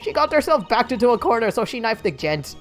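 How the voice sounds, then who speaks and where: A woman's voice: low voice, lively intonation, normal speed, faint music behind. A woman voicing a cheeky teenage girl pickpocket in a game, brash and full of street slang. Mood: defiant.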